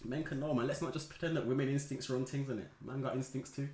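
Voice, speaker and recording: A man's voice: mid-range voice, fairly even intonation, fast talker, a little mellow. A man, co-hosting a casual chat and telling stories in loose slang. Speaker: podcast co-host. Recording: echoey room.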